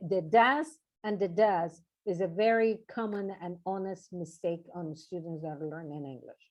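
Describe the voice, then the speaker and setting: A woman's voice: medium pitch, highs cut off. Woman, English presenter, encouraging, keeps checking in with the group. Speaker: workshop presenter. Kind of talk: online English teaching session.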